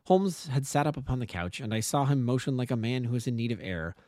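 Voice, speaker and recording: A man's voice: medium pitch, fast talker, no echo, clean studio sound. Man reading a classic detective story. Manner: steady storytelling with small slips and self-corrections. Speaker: amateur audiobook narrator.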